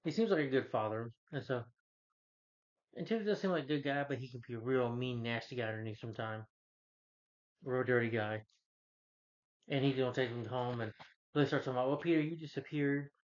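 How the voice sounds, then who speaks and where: A man's voice: mid-range voice, fairly quick, pauses often, lo-fi sound. A man casually recapping a film. He rambles, corrects himself and retells scenes with quotes. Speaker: film reviewer.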